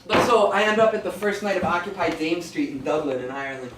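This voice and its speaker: A man's voice: fairly high pitch, fast. Roomy, far-off American man telling stories on stage. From United States. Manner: casual, profane, animated storyteller. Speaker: folk singer-songwriter. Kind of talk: storytelling between songs at a live show. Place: small music venue. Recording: roomy, distant live recording with music.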